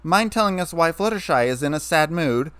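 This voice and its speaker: A man's voice: on the high side, animated, a little fast, a bit bright, clean tone, no echo, voice pushed up. A man voicing a bookish young female unicorn. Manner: explaining, stern when doubted.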